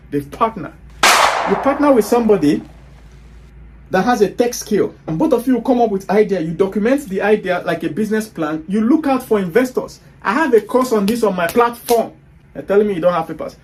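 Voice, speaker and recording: A man's voice: high-pitched, darkish tone. A man with a Nigerian accent giving a blunt motivational talk, scolding his listeners with rhetorical questions. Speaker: online business speaker.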